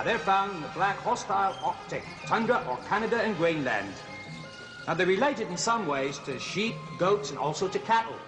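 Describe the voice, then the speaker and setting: A man playing a chattering, self-amused jungle explorer who hosts a zoo segment on a 1970s children's TV comedy and is easily flustered. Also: high voice. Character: jolly bumbling male jungle explorer zoo host. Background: music.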